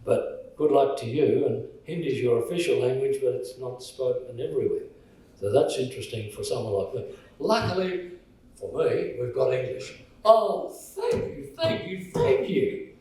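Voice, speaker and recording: A man's voice: mid-range voice, normal speed, dark tone. An Australian man giving a joking, story-filled speech at a college event. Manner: jokey, storytelling. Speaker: college representative. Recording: echoey hall from far off.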